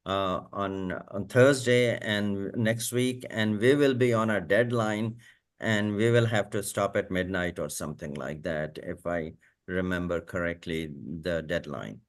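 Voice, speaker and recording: Slow, hesitant low-voiced man. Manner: slow, hesitant, many fillers. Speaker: committee member. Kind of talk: meeting remarks.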